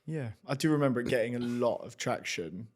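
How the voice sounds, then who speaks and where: A man co-hosting a podcast, asking questions in a relaxed way, with plenty of fillers and hedges. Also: medium pitch, brisk. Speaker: podcast co-host. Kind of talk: casual interview chat.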